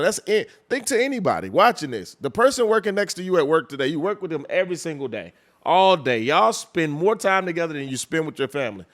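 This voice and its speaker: Animated man talking at length. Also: on the high side, quick pace, few pauses. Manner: animated, repeats and restarts phrases. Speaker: record label executive. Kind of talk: casual interview talk.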